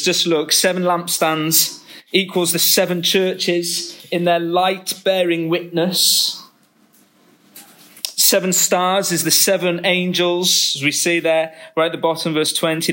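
A man preaching a sermon, reading scripture and reflecting slowly and deliberately. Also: high-pitched, pushed and bright.

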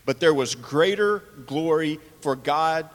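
A man's voice: fairly high pitch, slow, big-room sound. A man preaching a sermon, earnest, asking rhetorical questions and reading scripture aloud. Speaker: pastor.

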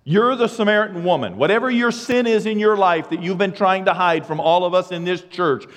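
A man preaching a sermon as pastor, acting out dialogue with lively asides. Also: high voice, brisk, big-room sound. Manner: animated, acts out dialogue, self-deprecating asides. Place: church sanctuary.

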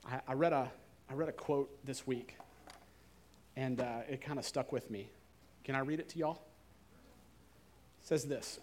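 A man's voice: medium pitch, slight background noise. Conversational male preacher, drawl. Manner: conversational, slows down and softens to stress key words. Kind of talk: sermon.

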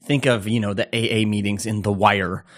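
A man co-hosting a casual chat podcast, eager and rambling, with lots of fillers and quick laughs. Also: fairly low pitch, steady tone. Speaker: podcast co-host and pastor.

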